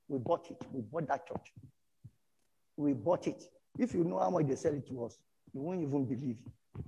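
A middle-aged man from Nigeria with a Nigerian English accent, preaching a sermon and telling stories from his own life, animated and breaking into shouts. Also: on the high side, normal speed, gravelly, long pauses, breathy edge, poor audio. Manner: animated storytelling, bursts into shouts. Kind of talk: sermon with personal testimony.

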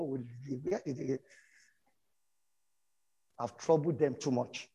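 A middle-aged man from Nigeria with a Nigerian English accent, preaching a sermon and telling stories from his own life, animated and breaking into shouts. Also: medium pitch, takes it slowly, long pauses, breathy edge, poor audio. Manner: animated storytelling, bursts into shouts. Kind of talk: sermon with personal testimony.

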